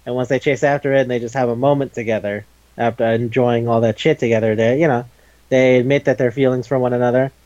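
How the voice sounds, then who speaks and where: A man's voice: medium pitch, steady tone, quick pace, darkish tone, dry recording, highs cut off. A man hosting a podcast, recapping a story in a loose, rambling way with lots of fillers, frequent laughs and casual swearing. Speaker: podcast host.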